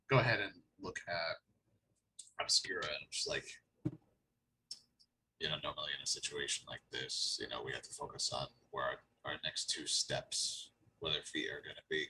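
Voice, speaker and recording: A man's voice: rumbling low, moderate pace, noisy background. A man playing a tabletop game, describing his character's actions in a hesitant, rambling way. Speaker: player.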